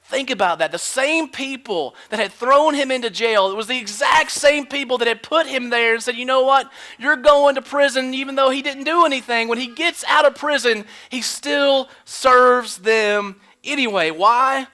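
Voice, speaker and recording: High bright-voiced male pastor preaching. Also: normal speed, hardly any pauses. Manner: dramatic swings from loud emphasis to hushed whispers; acts out quoted lines in character voices. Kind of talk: sermon. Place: church sanctuary.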